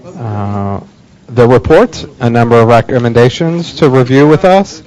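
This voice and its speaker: A man's voice: medium pitch, animated, measured pace, a little mellow, low-quality recording. A man chairing a committee meeting, handing the floor over with brief procedural remarks.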